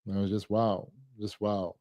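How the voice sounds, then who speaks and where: A man's voice: fairly low pitch, little pitch movement, moderate pace, dark tone, no echo. A man hosting a casual livestream, reading comments aloud and rambling with repeated words and laughs. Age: 30s. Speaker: livestream host.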